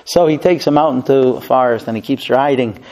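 A man's voice: medium pitch, a little fast, a little mellow, low-quality recording. A man teaching a Torah class and telling a long parable, with fillers and restarts.

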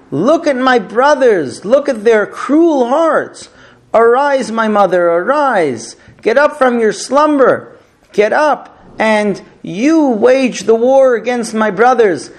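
A man's voice: very high-pitched, voice pushed up. A man voicing a young man who weeps and pleads urgently with his dead mother. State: crying.

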